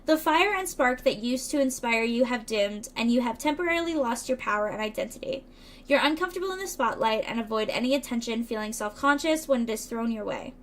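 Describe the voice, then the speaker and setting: A woman with a high voice talking through a live tarot reading. She reads each card's meaning aloud, then drifts into chatty asides to her viewers, stumbling over words and laughing it off. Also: animated, brisk, fairly bright tone. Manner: chatty, playful, reads card texts aloud and riffs with chat. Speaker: streamer doing tarot readings.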